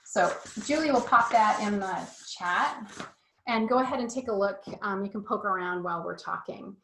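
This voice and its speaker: A woman's voice: mid-range voice, normal speed, a bit bright, a little hiss or hum. Chatty woman coach in an echoey room. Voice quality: chatty, full of fillers, self-deprecating. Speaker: parent sex ed coach. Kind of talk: casual online course talk.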